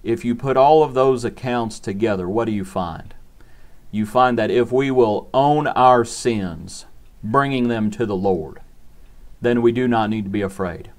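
A man's voice: medium pitch, unhurried, darkish tone. A man preaching a short devotional sermon in an earnest, repetitive cadence.

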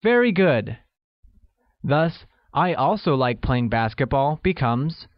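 A man reading a scripted language lesson, slowly spelling out each phrase for learners. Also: medium pitch, sing-song, no room sound. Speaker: language teacher. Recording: dull, lo-fi voice-over recording.

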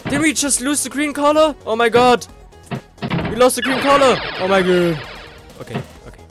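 A young man hosting a gaming let's play, excitable, yelling and swearing at the game, then rambling and hesitant as he talks to viewers. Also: very high voice, moderate pace. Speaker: gaming channel host. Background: game music and sounds.

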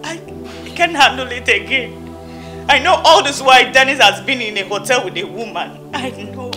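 A woman's voice: a little high, normal speed, pushed and bright, soft background music. An actress playing a distraught, tearful young woman who has been jilted, speaking Nigerian English. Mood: despairing. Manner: crying, despairing. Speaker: daughter.

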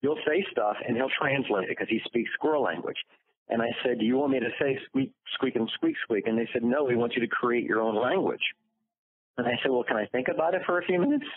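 A man voice actor telling lively stories in an interview, acting out the quotes. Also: mid-range voice, a little fast, slightly rough, no echo. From United States. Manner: lively storyteller, acts out quotes. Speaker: voice actor guest. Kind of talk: interview anecdotes. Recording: dry phone-like line.

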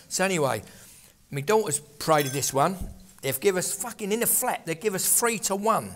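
An older man from England spins a rambling tale among friends, swearing freely and breaking into laughs. His voice sits on the high side for a man. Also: moderate pace, a bit bright. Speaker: storyteller at a table of old friends. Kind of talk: casual anecdote telling.

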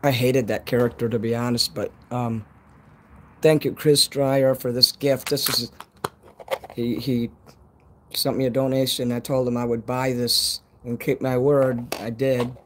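Broadcasting live outdoors at night, a Chicago man with the local accent rambles casually and swears freely. He speaks at a measured pace in a medium-pitched voice with little pitch movement, and there's background noise.

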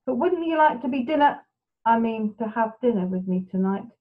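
A woman's voice: a little high, animated, moderate pace, lightly acted. A woman voicing a sly, hungry male jaguar in a bedtime storybook. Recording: tinny phone-like sound.

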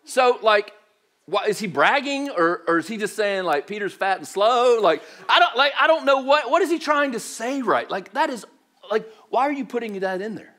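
A man's voice: very high voice, moderate pace. A male pastor giving a casual, joking sermon that is full of fillers like "like". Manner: animated, joking, heavy use of "like".

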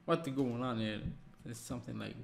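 A man's voice: mid-range voice, normal speed, vocal fry, over music. A man from Algeria hosting a reaction video, gushing with effusive praise in simple, broken English. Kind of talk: casual reaction commentary. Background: loud song playing.

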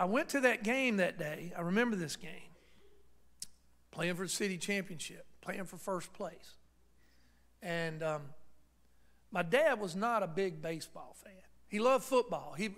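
A man's voice: high-pitched, a bit bright. A man preaching in church, telling a personal story that builds into fervent preaching. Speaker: pastor.

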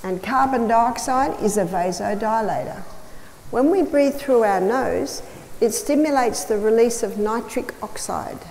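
A woman's voice: a little high, measured pace, darkish tone. Woman health lecturer in a reverberant hall. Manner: storytelling, emphatic repetition. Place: large hall or church. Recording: reverberant hall with faint noise.

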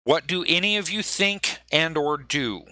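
A man's voice: on the high side, expressive, a little slow, bright, forceful tone, dry recording. A man narrating and running a tabletop game in a loose, rambling way. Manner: loose, rambling, many fillers and restarts. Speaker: game master.

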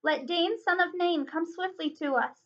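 A woman voicing a commanding old male wizard, calling out loudly and urgently in a storybook reading. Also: extremely high pitch, normal speed. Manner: loud ringing calls. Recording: dull lo-fi recording.

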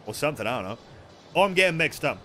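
Young brit streamer swearing n joking thru a game, very animated, bright voice. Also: male voice, a little high, racing, a little hiss or hum. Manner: sweary, playful, reads game text aloud. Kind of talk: let's play commentary.

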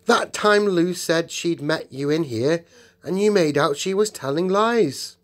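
A man's voice: mid-range voice, big pitch swings, a little slow, voice pushed up. A man reading an audiobook and voicing a blunt, decent eldest schoolboy with a raised, exclaiming manner. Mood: indignant.

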